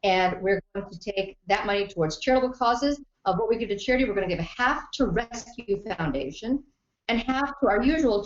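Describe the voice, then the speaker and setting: A woman hosting a comic livestream in a playful, theatrical way full of puns. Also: medium pitch. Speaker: comedy show host. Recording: roomy, dull livestream audio.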